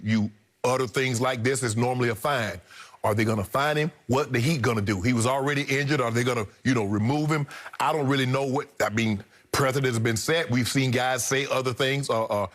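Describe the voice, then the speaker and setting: A man's voice: mid-range voice, a bit bright. A man co-hosting a sports talk show, arguing emphatically in blunt, slangy debate commentary. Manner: emphatic, blunt, slangy, repeats points for punch.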